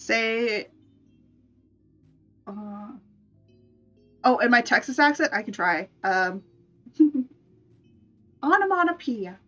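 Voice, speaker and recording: A woman's voice: medium pitch, slow pace, long pauses, a bit bright, muffled recording, soft background music. A woman streamer in playful, casual live-stream chat, laughing often. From United States.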